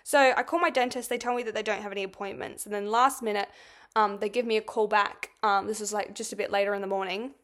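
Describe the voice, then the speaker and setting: A woman's voice: mid-range voice, steady tone, quick pace, a bit bright. A young woman hosting a podcast, telling a personal story in a casual, rambling way, swearing often and filling with "like". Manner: chatty, swears a lot, fills with "like". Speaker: podcast host.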